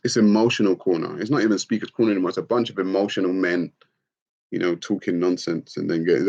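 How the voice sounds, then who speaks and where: A middle-aged man, casually chatting on a livestream and reading out comments, laid-back and quick to laugh. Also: sits low, expressive, creaky, a little mellow, slightly rough. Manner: laid-back, laughs often, calls people bro. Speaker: livestream host. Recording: dull lo-fi stream audio.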